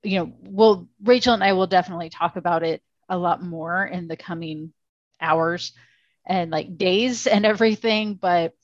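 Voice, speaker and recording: A woman co-hosting a podcast in casual chat, tired and gravelly voiced, rambling with lots of fillers and restarts. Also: fairly low pitch, moderate pace, dry recording, lo-fi sound. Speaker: podcast co-host.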